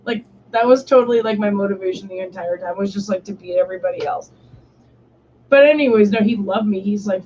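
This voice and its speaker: Speaking a little fast in a mid-range, darkish voice, a young stream host tells stories during casual chat. She swears often and uses "like" heavily, and the muffled lo-fi audio has slight background noise.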